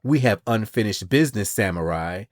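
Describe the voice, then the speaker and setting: A man's voice: fairly low pitch, lively intonation, normal speed, no echo, studio quality, close to an everyday voice. A man doing a brash young woman fighter. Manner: sassy, casual.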